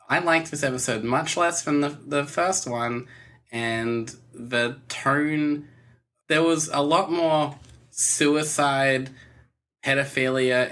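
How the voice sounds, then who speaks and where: Male podcast guest, mid-range voice, deadpan sarcastic delivery. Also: mid-range voice. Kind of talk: casual review chat.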